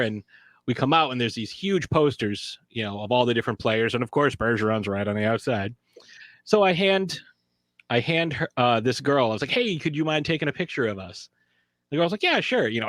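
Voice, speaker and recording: A man's voice: fairly quick, no echo. A man telling a long personal story on a podcast, acting out the quotes. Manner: animated storyteller, acts out quotes in high voices. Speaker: podcast guest. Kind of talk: casual storytelling.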